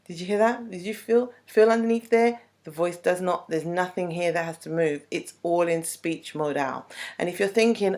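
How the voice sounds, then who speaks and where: A woman vocal coach explaining singing technique to worship leaders in a chatty, unhurried way, with frequent pauses and ums. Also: on the low side, darkish tone.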